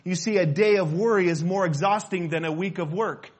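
A pastor preaches a sermon in a high, brisk voice, earnest and repetitive, repeating phrases and quoting scripture between his own points.

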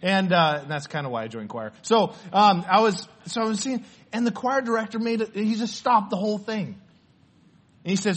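High-voiced earnest preacher man. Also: fairly quick, fairly bright tone. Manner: earnest storytelling preacher with stammered restarts. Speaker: pastor. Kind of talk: sermon. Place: church.

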